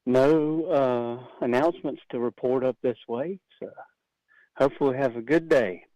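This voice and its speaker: A man calling in to morning radio with a short local fire report, relaxed and plain-spoken. His voice sits mid-range and sounds dry and close. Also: medium pitch, unhurried, no echo, low-quality recording. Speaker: caller with fire department report. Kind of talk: casual call-in report.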